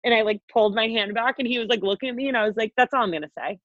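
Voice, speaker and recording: A woman's voice: on the high side, fast, a bit bright, no echo. A young woman in her twenties, a podcast co-host, telling a story in casual chat, rambling and swearing with lots of fillers. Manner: rambling, profane, peppered with "like". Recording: dull, dry podcast audio.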